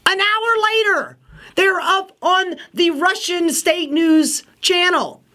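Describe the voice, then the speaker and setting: A woman's voice: extremely high pitch, slow pace, pushed and bright. A woman hosting a casual political commentary show, ranting in an exasperated, sarcastic way. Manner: exasperated, sarcastic, mocking impressions.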